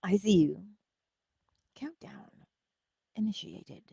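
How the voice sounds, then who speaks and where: A woman's voice: medium pitch, sing-song, takes it slowly, creaky, pauses often, breathy edge, dry recording, studio quality. A woman hosting a livestream, chatting casually and playfully, laughing often and greeting viewers by name, with a valley-girl way of talking. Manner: says she talks like a valley girl. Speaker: livestream host.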